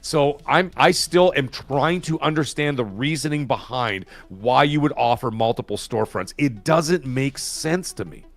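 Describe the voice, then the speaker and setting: A man's voice: mid-range voice, lively intonation, measured pace, hardly any pauses. A man with a Canadian accent, a guest commentator in a casual podcast discussion, talking in an opinionated, emphatic way with frequent self-corrections.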